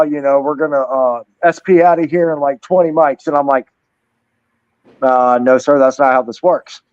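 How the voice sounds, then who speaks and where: A military veteran telling a profane, animated story on a casual podcast and acting out the quotes. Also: male voice, a little high, dry recording, muffled recording.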